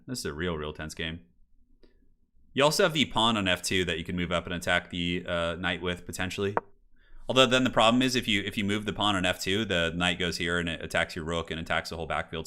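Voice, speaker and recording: A man's voice: low-pitched, animated, quick pace, pushed and bright. A man casually commentating a chess match on a live stream, chatty and jokey, answering chat and swearing now and then. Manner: loose fillers, swears casually.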